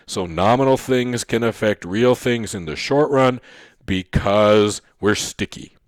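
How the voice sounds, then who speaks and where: A man's voice: fairly low pitch, no echo. Dry-voiced male economics teacher lecturing. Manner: checks in with frequent "okay?" and "right?"; repeats key points slowly for emphasis. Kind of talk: recorded lecture.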